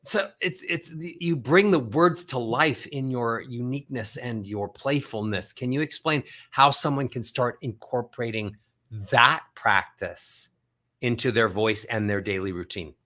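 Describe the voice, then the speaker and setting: Bright enthusiastic male host. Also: unhurried. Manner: enthusiastic, heaps praise, sales pitch. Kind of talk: interview and book promotion.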